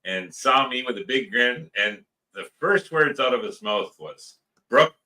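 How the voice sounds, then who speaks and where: A man's voice: medium pitch, expressive, measured pace, sharp tone. A man co-hosting a livestream, casually reading viewers' comments aloud and joking. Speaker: livestream co-host reading chat.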